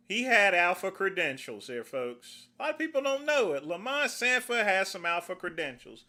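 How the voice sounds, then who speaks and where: A man's voice: high-pitched, pushed and bright. A middle-aged man hosting a casual livestream, rambling in a folksy way and calling his viewers "folks.". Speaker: livestream host.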